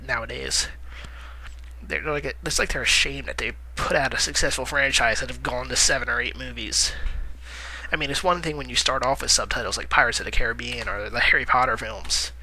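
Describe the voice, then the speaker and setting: A man's voice: medium pitch, sharp tone, rough recording. A man giving casual movie-news commentary in a vlog, rambling with lots of "uh" fillers, correcting himself and chuckling wryly at his own remarks.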